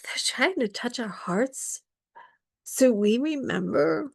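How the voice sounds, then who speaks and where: A woman giving a spiritual sermon in a soft, often whispered voice, tearful at times. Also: on the high side, animated, slow, vocal fry. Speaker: reverend leading a women's service.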